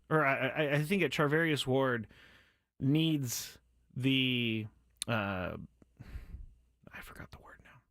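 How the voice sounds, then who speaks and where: An excitable man hosts a casual sports talk show, rambling between news and jokes. His voice is bright and forward. It sounds dry and close to the mic. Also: medium pitch, no room sound. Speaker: podcast host.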